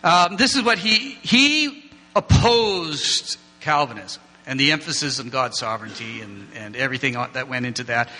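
A man's voice: medium pitch, expressive, moderate pace, sharp tone. A man giving an informal, digressive church class from slides, joking with his listeners as he goes. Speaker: church teacher. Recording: long hall reverb, mains hum.

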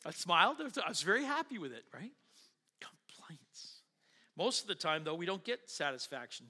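A man, a pastor, preaching by telling an animated personal story and acting out both sides of the conversations. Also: high voice, quick pace. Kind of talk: sermon storytelling.

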